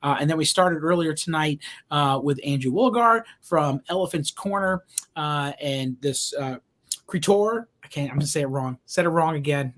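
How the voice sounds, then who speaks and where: A man hosting a live online wine show, pitching bottles and prices with lots of fillers and restarts. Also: moderate pace, fairly bright tone. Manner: chatty, enthusiastic salesman with many fillers and restarts. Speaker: wine shop host. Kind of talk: live-streamed wine show, casual sales talk.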